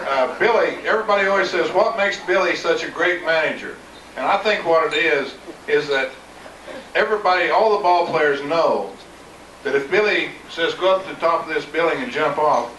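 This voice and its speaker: A man's voice: fairly high pitch, bright, forceful tone. Folksy elderly man spinning a yarn. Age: older. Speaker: retired ballplayer telling stories. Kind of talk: anecdote at a live event. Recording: echoey room, distant mic, faint noise.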